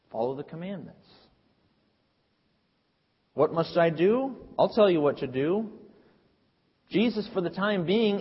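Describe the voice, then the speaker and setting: A man with a fairly high, husky voice delivers a sermon with emphatic, preacherly conviction. The sound is dull and lo-fi, and a long hall reverb trails after his words, as in a large church. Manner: emphatic, preacherly, with acted quotes.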